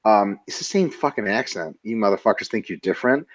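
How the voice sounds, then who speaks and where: A man's voice: fairly low pitch, animated, a little fast. A man co-hosting a casual webinar, answering viewer questions bluntly and swearing freely as he lays out training plans step by step. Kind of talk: casual webinar Q&A, profane and joking.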